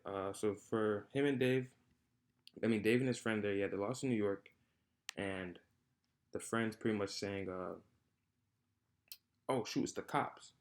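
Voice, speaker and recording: A young man giving an unscripted class presentation, hesitant, with frequent fillers and repeated phrases. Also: lowish voice. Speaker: student presenter. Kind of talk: spoken class presentation on comedy.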